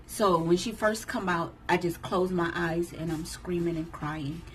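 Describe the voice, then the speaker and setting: A woman in her thirties tells a painful personal story to camera in a lowish voice. She talks emotionally, acting out the lines of the people around her. Faint noise sits under the recording. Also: a little slow, low-quality recording. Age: 30s. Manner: emotional, animated retelling that acts out others' lines. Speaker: vlogger.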